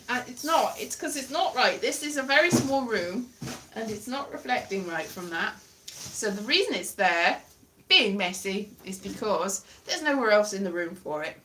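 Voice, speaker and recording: A young woman talks straight to camera in a very small room, drifting from story to story in a rambling, self-mocking way. Her voice is bright and fairly high, and it swoops up and down a lot. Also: slight background noise. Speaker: comedian vlogger. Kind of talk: rambling comic monologue.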